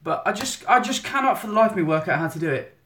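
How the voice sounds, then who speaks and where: Pushed and bright, his high voice moves quickly with lively intonation as this Englishman streams a photographer's monthly update from home. The echoey room and arm's-length phone catch his chatty, rambling, self-interrupting style.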